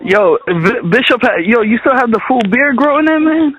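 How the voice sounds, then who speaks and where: A man's voice: very high-pitched, expressive, normal speed, dull audio, noisy background. A man calling into a radio show, bantering playfully with the guest. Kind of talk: casual radio call-in chat.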